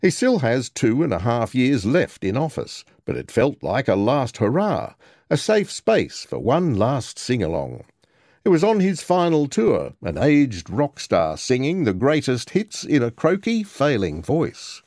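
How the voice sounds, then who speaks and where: A man's voice: mid-range voice, wildly swooping pitch, a little slow, darkish tone, no echo, clean studio sound. A man narrating a scripted news report as a reporter, with wry, sardonic commentary.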